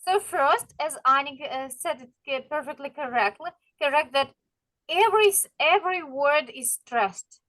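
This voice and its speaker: Woman, Russian accent, native Russian speaker, English teacher, high voice, encouraging, slow model phrases. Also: expressive, fairly bright tone. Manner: encouraging, repeats phrases slowly to model pronunciation. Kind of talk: online English lesson.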